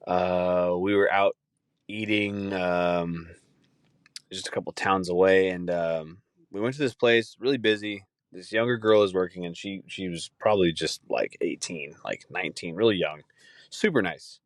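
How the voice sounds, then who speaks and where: A young man spins a loose, profane story in a relaxed podcast chat, slipping into quick impressions of the people he describes. His voice sits on the low side, and the sound is dry and close with no room around it. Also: no echo. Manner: rambling, swears a lot, mimics people he tells about. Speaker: podcast host.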